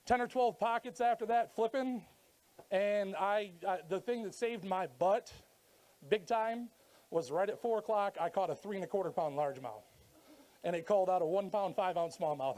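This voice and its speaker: A man's voice: high-pitched, normal speed, a little mellow. A man, an angler, talking casually on a handheld mic outdoors at a weigh-in stage, recapping his day in a plainspoken, rambling way. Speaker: tournament angler. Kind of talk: casual post-weigh-in interview.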